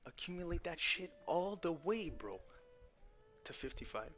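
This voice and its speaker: A man's voice: fairly high pitch, sing-song, a little slow, fairly bright tone. Man, gaming host, fired-up rant, swears constantly, keeps circling back and correcting himself. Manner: profane, heated, addresses viewer as bro; rambling with frequent self-corrections. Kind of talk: ranting gaming commentary.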